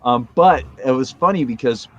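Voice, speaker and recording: A man's voice: medium pitch, moderate pace, dull audio. A man in his fifties, a podcast guest telling a long story in a casual, rambling way, with restarts and chuckles along the way.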